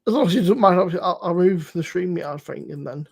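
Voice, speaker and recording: A man's voice: high voice, quick pace, creaky, slightly rough. A middle-aged man hosting a casual livestream, chatting with loose, sweary banter and frequent laughs. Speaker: livestream host. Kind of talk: casual chat.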